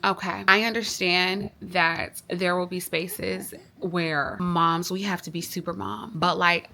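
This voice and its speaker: Young woman, casual confessional vlogger, worn out and teary, rambling delivery, gravelly fry at the ends of phrases. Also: fairly low pitch, pushed and bright. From United States. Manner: emotional, venting, rambling with many fillers. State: tired and teary. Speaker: vlogger, mother.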